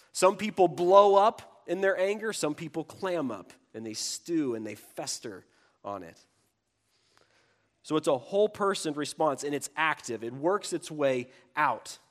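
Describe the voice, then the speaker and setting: A man preaching a sermon in a conversational way, breaking into quick impressions of children and adults. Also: fairly high pitch. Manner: conversational, acts out quoted voices of kids and adults.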